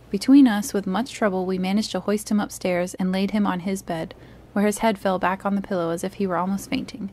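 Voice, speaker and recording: A woman reading a classic story aloud in a calm, gentle, soothing voice. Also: medium pitch, brisk. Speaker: story reader. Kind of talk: calm read-aloud narration.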